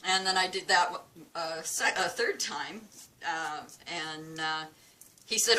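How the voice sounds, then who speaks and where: A woman with a low, bright-edged voice chats through a long personal story, playing out both sides of a back-and-forth conversation. Faint room noise sits behind her. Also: slow pace, low-quality recording. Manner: chatty, retells dialogue with quoted voices. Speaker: crafting vlogger. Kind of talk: casual storytelling while crafting.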